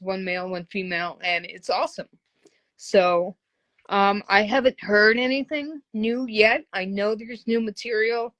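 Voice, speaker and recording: A woman's voice: mid-range voice, fairly bright tone. A woman hosting a casual interview, talking like an eager fan who often exclaims. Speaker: interviewer, host.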